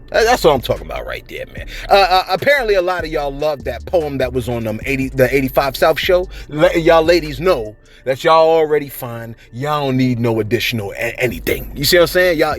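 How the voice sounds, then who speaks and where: A man with a New York accent, commenting on celebrity news in a slangy, casual monologue to his viewers. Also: mid-range voice. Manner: slangy, animated, frequent "you know what I'm saying".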